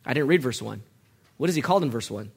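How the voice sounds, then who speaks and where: A man's voice: medium pitch, expressive, fast talker, vocal fry, husky. A man preaching a sermon, asking the congregation questions as he goes and letting them call out the answers. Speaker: pastor.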